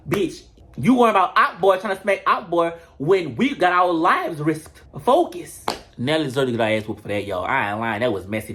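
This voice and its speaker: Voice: medium pitch, a bit bright. A comedic commentator recapping a reality show in a brash, profane, gossipy way.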